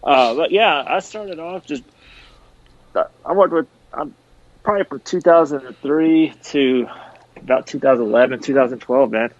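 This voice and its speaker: This former tour manager, a middle-aged man, speaks on the high side at a moderate pace, rambling in a laid-back, casual podcast chat. The lo-fi recording sounds slightly dull.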